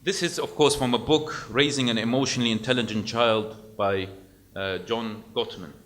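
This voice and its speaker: A man preaching a sermon to a gathering, lecturing with animated delivery and acting out what parents should say. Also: mid-range voice, moderate pace.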